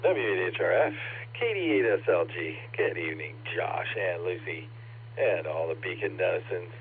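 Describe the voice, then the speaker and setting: A tired man with a very low voice checks into a ham radio net, polite and unhurried. He comes through a narrow radio channel with faint hiss. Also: animated. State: tired, short on sleep. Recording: narrow, lightly hissy radio transmission.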